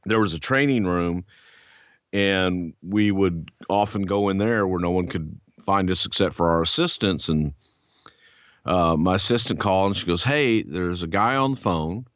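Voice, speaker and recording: A man's voice: normal speed, no echo, dull audio. A man hosting a podcast, telling an old story in a casual, profane way and acting out what others said. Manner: animated, profane, acts out quotes in a much higher voice. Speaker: podcast host.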